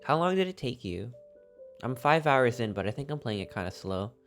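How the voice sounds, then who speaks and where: Sleepy, rambling man over loud music. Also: medium pitch, very animated, moderate pace. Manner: rambling, goofy, chats with viewers. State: sleepy and a little sniffly. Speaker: game streamer. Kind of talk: casual live-stream chat. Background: background music.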